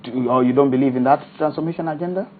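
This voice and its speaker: Probing interviewer, husky, tinny. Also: male voice, medium pitch. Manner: probing, halting with fillers.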